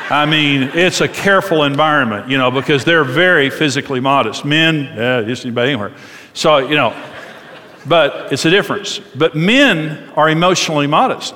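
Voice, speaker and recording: A middle-aged man giving a conversational sermon as a pastor, animated and joking as he tells stories. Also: a little high. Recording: long reverb of a large hall.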